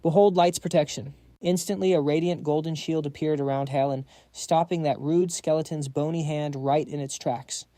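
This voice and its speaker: A man's voice: fairly high pitch, fairly even intonation, moderate pace, hardly any pauses, warm tone, no room sound. A man narrating a fantasy comic recap in a dramatic, scripted storytelling style.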